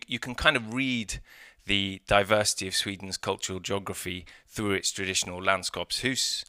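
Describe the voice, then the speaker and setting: Deep-voiced British man giving a talk. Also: pushed and bright, clear, resonant tone, dry recording, clean studio sound. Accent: British English. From Britain. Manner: conversational, thoughtful, with frequent fillers and restarts. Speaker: city architect. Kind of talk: conference talk. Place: outdoor courtyard by historic buildings.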